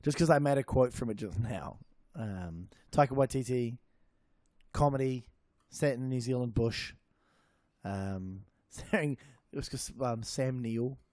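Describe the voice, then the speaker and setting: A man's voice: mid-range voice, a little slow, a little mellow, no room sound. A young man co-hosting a film podcast in casual, rambling, jokey chat, laughing often. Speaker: podcast co-host.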